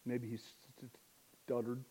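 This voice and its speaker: A man's voice: medium pitch, little pitch movement, takes it slowly, dark tone, husky. A man preaching a sermon in a conversational way, asking rhetorical questions and joking at his own expense. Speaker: pastor.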